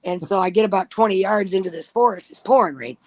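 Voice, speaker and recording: A woman's voice: medium pitch, fast talker, a little mellow, dry recording. A woman telling a spooky personal story in casual chat, blunt and profane. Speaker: guest storyteller.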